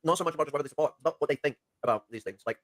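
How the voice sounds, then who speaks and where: Guy lecturing fast, kinda high voice, swears, dry mic. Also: fairly bright tone, dry recording. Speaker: stream co-host discussing politics. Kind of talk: casual political discussion.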